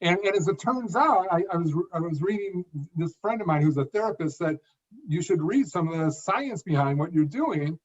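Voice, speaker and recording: A man's voice: sits high, expressive, moderate pace. A man around sixty, a guest in an interview, speaking in emphatic phrases with occasional repeated words. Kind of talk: conversational interview. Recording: dull lo-fi audio.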